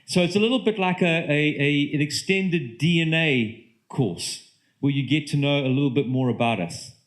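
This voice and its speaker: Earnest British preacher, slightly high voice. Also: male voice. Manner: earnest, halting with repeated restarts. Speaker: pastor. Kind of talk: sermon.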